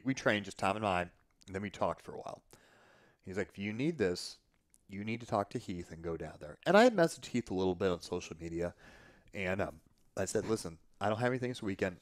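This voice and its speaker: Animated low-voiced man telling gym stories. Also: brisk, no room sound, clean studio sound. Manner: animated, profane, self-interrupting storyteller. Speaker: podcast guest. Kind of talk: casual storytelling conversation.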